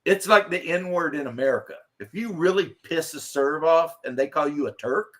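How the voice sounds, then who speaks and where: Bright, lively man in casual chat. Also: on the high side, moderate pace. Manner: rambling, laughs often, bursts into shouted imitations.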